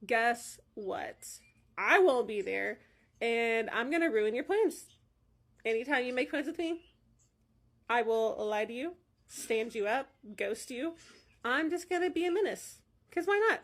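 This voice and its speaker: Sarcastic woman with a slightly high voice. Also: lively intonation, measured pace. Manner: sarcastic, spiteful. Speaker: vlogger. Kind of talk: social media rant.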